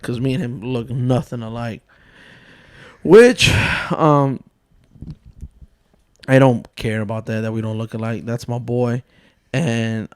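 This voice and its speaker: A man's voice: mid-range voice, a little mellow, no room sound, clean studio sound. A man in his thirties hosting a casual podcast chat, joking and telling family stories, swearing freely. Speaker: podcast host.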